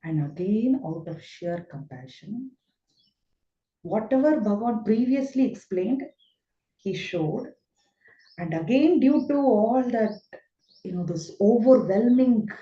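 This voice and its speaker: A woman's voice: mid-range voice, dark tone. A woman spiritual teacher giving a scripture lesson as vivid storytelling with rhetorical questions. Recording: roomy, dull recording.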